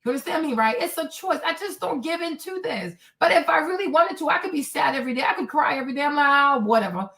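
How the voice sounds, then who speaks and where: High-voiced woman in her forties ranting. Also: quick pace, hardly any pauses. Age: 40s. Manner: emphatic and animated, swinging between shouting and low asides. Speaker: livestream host. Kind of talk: candid solo livestream rant.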